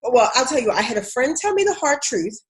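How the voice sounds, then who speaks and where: This woman's high, sing-song voice runs a little fast, carrying a Baltimore accent. She's a career coach on a live stream, being frank and chatty with her viewers and addressing them as y'all.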